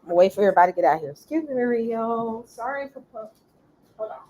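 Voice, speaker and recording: A middle-aged woman hosts a relaxed livestream, chatting casually and greeting viewers again and again as they arrive, with an occasional cough. Her voice is fairly high and mellow, with lively intonation and a quick pace. There's slight background noise.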